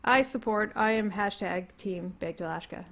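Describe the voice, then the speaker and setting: A young woman with a Canadian accent, a little hoarse from losing her voice, rambling through a casual livestream from home, laughing often. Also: medium pitch, moderate pace, fairly bright tone. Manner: rambling, laughs often, reads chat comments aloud. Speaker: livestream host. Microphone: computer mic.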